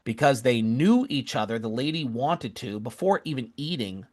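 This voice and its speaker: Regular guy telling a story, earnest, keeps restarting his sentences, mid pitch. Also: big pitch swings, normal speed. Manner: earnest, self-correcting, acts out quoted voices. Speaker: returned missionary storyteller. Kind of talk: casual storytelling and lesson.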